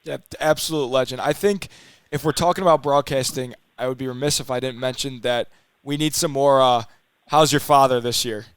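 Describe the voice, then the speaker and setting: A man's voice: mid-range voice, fairly even intonation, a little fast, smooth, no room sound. A young man in his twenties hosting a podcast, easygoing, laughing along with his guest and giving short replies. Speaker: podcast host, former college player. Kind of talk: casual podcast conversation.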